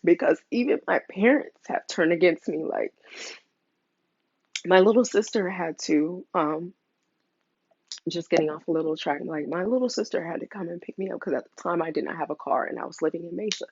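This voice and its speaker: A woman's voice: fairly low pitch, moderate pace, darkish tone, breathy edge, dry recording. Earnest mother, dry lo-fi sound. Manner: earnest, open, many fillers. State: emotional, near tears. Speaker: mother sharing a custody story. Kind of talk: personal confessional vlog.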